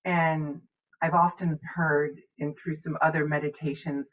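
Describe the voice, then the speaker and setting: A woman's voice: low-pitched, level tone, moderate pace. A middle-aged woman minister and medium telling a reflective spiritual story. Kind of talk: spiritual talk. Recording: dull distant mic.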